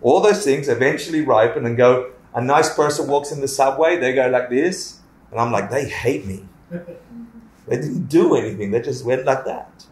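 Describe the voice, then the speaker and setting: A man's voice: medium pitch, moderate pace. A man teaching a casual Buddhist class, joking, swearing and acting out little scenes as he explains. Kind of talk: lively casual dharma class. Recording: echoey room.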